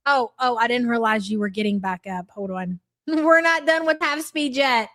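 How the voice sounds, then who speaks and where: Brief: young woman, fairly high voice, blunt and profane reaction-stream host. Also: normal speed, fairly bright tone. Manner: blunt, swears freely. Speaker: livestream host. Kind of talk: live reaction commentary.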